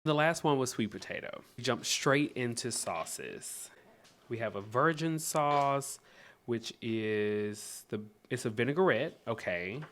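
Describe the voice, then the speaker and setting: A man with a Southern American accent hosting a casual cookbook review vlog, reading recipes aloud and chatting to viewers with sudden high exclamations. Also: expressive, slow, fairly bright tone. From Southern United States. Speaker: host.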